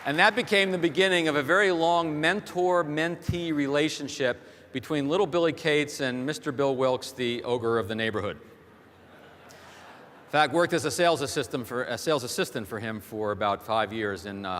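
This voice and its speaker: A man's voice: medium pitch, normal speed, fairly bright tone, slight background noise. Male keynote speaker, storytelling, rhetorical questions, mid-range voice, big hall reverb. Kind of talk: motivational keynote speech. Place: large hall stage before a big audience. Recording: long hall reverb from a stage.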